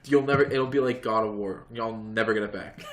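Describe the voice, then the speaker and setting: A man's voice: on the low side, steady tone, a little fast. A young man co-hosting a podcast in casual chat, blunt and teasing, swearing often. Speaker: podcast co-host.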